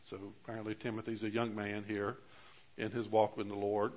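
A man's voice: fairly low pitch, level tone, a little fast, a little mellow. A man preaching a sermon as pastor, with emphatic rises on key words and many fillers and restarts. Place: church.

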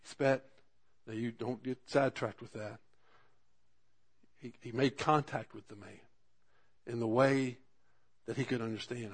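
A man preaching a sermon, talking through scripture in an earnest, conversational way, with swelling emphasis and drawn-out words at key moments. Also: medium pitch, steady tone, breathy edge. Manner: earnest, conversational asides to the congregation. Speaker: pastor.

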